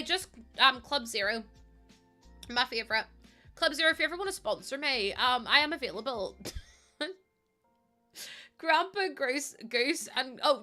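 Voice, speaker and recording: A pregnant woman in her twenties streams a game while chatting casually and telling stories, laughing and acting out quotes. Her voice is a little high, bright, and forceful.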